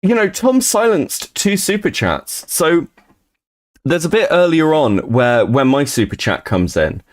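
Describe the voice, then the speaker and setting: A man's voice: a little high, sing-song, a little slow. A man streaming live, ranting casually and profanely about online drama.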